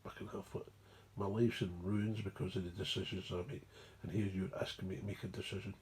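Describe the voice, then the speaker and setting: A man's voice: low voice, flat delivery, fast talker, slight background noise. A Scottish man, mumbling and digressive, explaining a recovery program in a rambling way. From Scotland. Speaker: recovery speaker.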